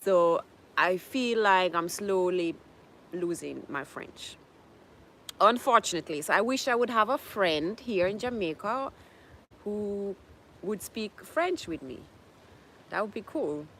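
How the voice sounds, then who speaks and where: A woman's voice: mid-range voice, animated, slow pace, pauses often, fairly bright tone, a little hiss or hum. A woman hosting a casual livestream, chatting with viewers, laughing often and slipping into French. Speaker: livestream host. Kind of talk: casual livestream chat reading viewer comments. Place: home in Jamaica.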